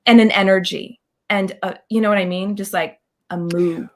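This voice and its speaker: A woman guest on an interview show, telling a story excitedly in a rambling way with many restarts. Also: medium pitch, moderate pace. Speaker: guest actor. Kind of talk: casual interview chat.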